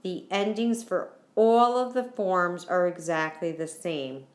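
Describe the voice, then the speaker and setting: In a recorded Spanish lesson, a woman teacher goes over verb endings patiently and repetitively, spelling them out one letter at a time. Her fairly low voice keeps a steady tone at a slow pace, in a roomy-sounding space.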